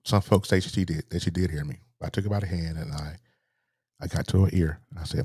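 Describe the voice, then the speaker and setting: A man, a guest telling a painful personal story in a halting way, repeating words, his voice sinking low and soft. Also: steady tone, husky, dry recording, studio quality. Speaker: interview guest.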